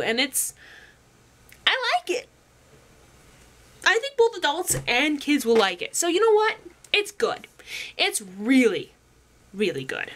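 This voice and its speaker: A young woman chatting casually as a reviewer, giggly and animated. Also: on the high side. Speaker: music reviewer.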